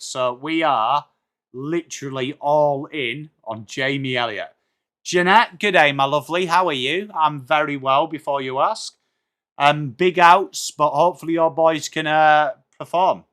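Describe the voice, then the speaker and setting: Reading out viewer comments on his football watchalong stream, this English streamer chats casually, names people and cracks jokes along the way. His voice is pushed and bright, sitting slightly high for a man.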